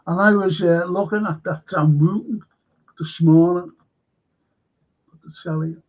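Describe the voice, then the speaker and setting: A man's voice: high voice, steady tone, a little slow, highs cut off. A man hosting a stream, rambling and indignant with heavy swearing. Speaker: host.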